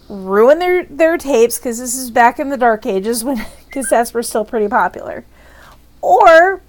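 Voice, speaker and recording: A woman vlogger telling a rambling personal story in a casual storytime style, often restarting and laughing. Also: fairly high pitch.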